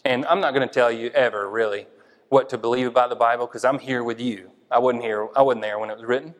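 A man's voice: medium pitch, steady tone, fast talker. A man preaching an informal sermon in a conversational way, thinking aloud with many fillers and restarts. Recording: long hall reverb.

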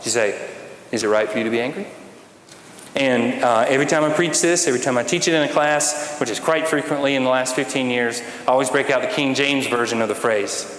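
A man's voice: mid-range voice, fairly quick, hardly any pauses, a bit bright. A man preaching a sermon to a congregation, conversational with wry humor and rhetorical questions. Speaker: pastor. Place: church sanctuary. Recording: echoey hall with faint room noise.

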